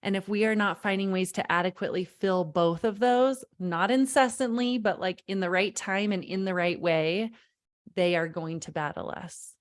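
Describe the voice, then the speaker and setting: A woman's voice: medium pitch, steady tone, moderate pace. A woman parenting coach leading a live online workshop, speaking emphatically, repeating key phrases and talking straight to her audience.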